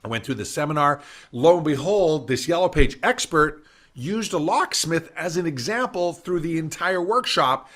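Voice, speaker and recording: A middle-aged man, a business speaker, telling a story in a summit talk in an animated way and acting out the voices he quotes. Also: a little high, normal speed. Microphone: video call.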